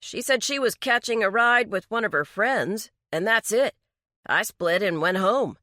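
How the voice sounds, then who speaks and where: A woman's voice: mid-range voice, unhurried, bright, forceful tone, no echo, studio quality, pitched above the performer's own voice. A woman voicing a frightened, defensive young male mechanic, talking in a raised, anxious way. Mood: flustered, defensive.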